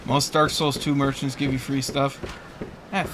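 A man's voice: medium pitch, flat delivery, moderate pace, background noise. A young man chatting in an amused, rambling way as co-host of a game stream. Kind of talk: casual gameplay commentary.

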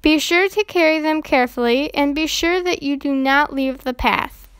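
A woman's voice: sits high, normal speed, a bit bright, dry recording, clean studio sound. A woman reading aloud, voicing a caring mother giving her daughter instructions. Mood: instructive.

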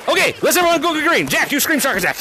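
A young man hosting a VR game lobby, shouting energetic play-by-play calls, repeating himself and laughing as he plays. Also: very high-pitched, moderate pace, noisy background. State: sweaty. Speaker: VR game streamer hosting fan lobbies. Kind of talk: excited live gameplay commentary. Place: indoors, playing in VR.

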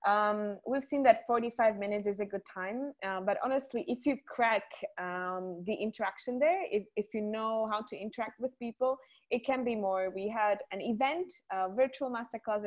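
Woman answering webinar questions, loose and chatty, lots of ums, mid pitch. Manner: conversational, many ums and restarts. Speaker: webinar co-host. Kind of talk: casual webinar Q&A.

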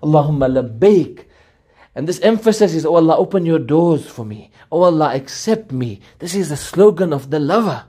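A man's voice: on the high side, animated, a little fast, warm tone, breathy edge. A middle-aged man preaching a sermon with fervor, repeating phrases and chanting Arabic supplications. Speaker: Islamic preacher.

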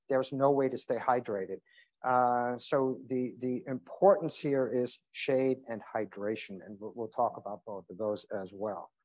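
A man's voice: medium pitch, a little mellow. A man giving a casual medical talk, lo-fi. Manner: conversational, with many fillers and restarts. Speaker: emergency physician giving a seminar. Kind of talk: informal health talk. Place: seminar room. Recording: dull lo-fi sound.

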